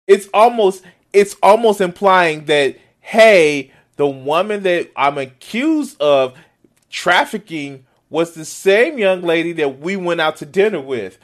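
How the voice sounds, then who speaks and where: A man giving casual, profane reaction commentary on a video, excitable and laughing often. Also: high-pitched, measured pace.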